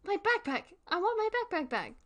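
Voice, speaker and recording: A woman's voice: very high voice, moderate pace, voice pushed up. A woman voicing a whiny little boy who pleads to get his backpack back. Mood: pleading. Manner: whining, pleading.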